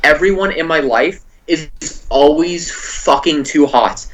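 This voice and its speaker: A man's voice: a little high, a little slow, fairly bright tone, a little hiss or hum. A young man co-hosting a comedy podcast, telling rambling stories full of swearing and filler words. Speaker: podcast co-host. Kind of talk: casual chat.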